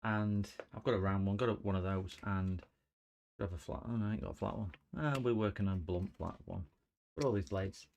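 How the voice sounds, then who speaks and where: A man with a lowish voice talks casually to his live-stream viewers. He rambles and jokes as he works, throwing puns at the chat. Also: fairly quick, vocal fry, a little mellow, a little hiss or hum. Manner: chatty, joking with chat viewers, punny. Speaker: livestream host repairing electronics.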